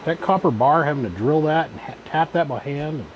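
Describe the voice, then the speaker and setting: A man's voice: on the high side, a little fast, highs cut off, slight background noise. A man who builds amplifiers, telling shop stories in a plain-spoken, casual way. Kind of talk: casual storytelling.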